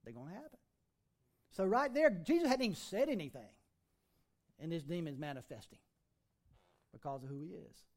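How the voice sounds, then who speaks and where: A man's voice: on the high side, expressive, normal speed, long pauses. A middle-aged man preaching a sermon as pastor, folksy and conversational, with plenty of rhetorical questions.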